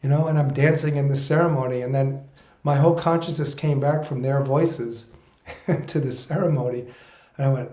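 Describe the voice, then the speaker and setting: A man's voice: medium pitch, normal speed, darkish tone, echoey room. A man in his sixties telling a personal story in an earnest, reflective way, wandering and correcting himself as he goes. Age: 60s. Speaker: spiritual musician recounting his experiences.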